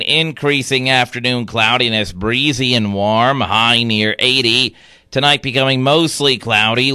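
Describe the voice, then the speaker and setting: A man reading the news and chatting on air as a radio news anchor, with a steady newsreader delivery. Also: medium pitch, clean tone, no echo, studio quality. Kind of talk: radio newscast and on-air chat. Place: radio studio. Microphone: studio microphone.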